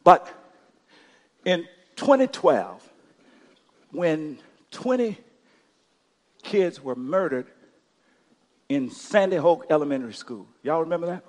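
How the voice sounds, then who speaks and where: A male pastor preaching a sermon with rising passion, often shouting and calling out to the congregation in a church. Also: on the high side, lively intonation, slow pace, pauses often, in a large hall. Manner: impassioned preaching that builds to shouting, calls to the congregation. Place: church sanctuary.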